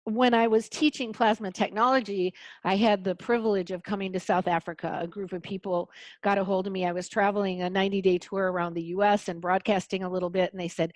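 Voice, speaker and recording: A woman's voice: medium pitch, dry recording. A woman hosting an interview show over a video call, chatting casually and reacting with enthusiastic praise. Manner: warm, effusive, lots of "mm" and "gorgeous". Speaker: host.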